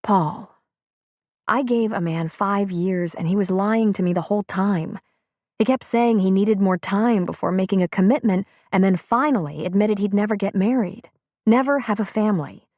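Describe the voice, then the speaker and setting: A woman's voice: medium pitch, moderate pace, a little mellow, no room sound, studio quality, natural voice. A woman voicing a hurt, guarded young woman in an audiobook, hesitant and wounded. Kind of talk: audiobook character reading.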